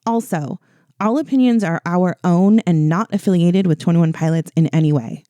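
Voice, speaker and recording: A woman's voice: fairly low pitch, moderate pace, dark tone, dry recording, clean studio sound. A woman co-hosting a podcast, chatting casually with wry, teasing banter. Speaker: podcast co-host. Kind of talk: casual chat.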